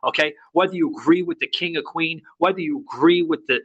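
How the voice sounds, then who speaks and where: A man's voice: fairly high pitch, brisk, slightly rough, highs cut off. A man hosting a podcast in heated political talk, angry, stammering and swearing a lot. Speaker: podcast host.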